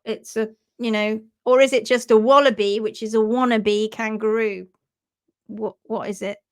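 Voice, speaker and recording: A woman's voice: on the high side, steady tone, normal speed, smooth. Giggly woman chatting on a live stream. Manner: giggly, playful, reading comments aloud. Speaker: hoof trimmer hosting a live stream. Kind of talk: casual live-stream chat.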